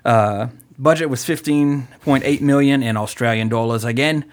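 A man hosts a casual movie podcast, rambling and joking, with plenty of fillers. He speaks at an ordinary, middle pitch in a relaxed, loose way. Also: moderate pace. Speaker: podcast host.

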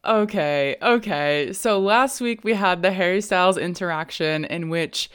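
A woman's voice: on the low side, a little slow, few pauses, clear, resonant tone. A woman co-hosting a podcast, telling a story in casual chat with lots of "like" and quoted voices. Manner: animated storytelling, heavy use of "like". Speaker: podcast co-host.

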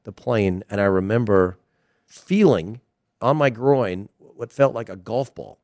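A man's voice: fairly low pitch, lively intonation, a little slow, a little mellow, no room sound, studio quality. A middle-aged American man, a former player, giving a digressive, emphatic casual commentary monologue. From United States.

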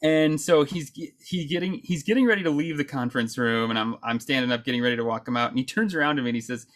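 A man's voice: mid-range voice, fast. A man in his thirties co-hosting a podcast, telling a story casually with many fillers, restarts and laughs. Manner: chatty, laughs often, lots of fillers and restarts. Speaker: podcast co-host.

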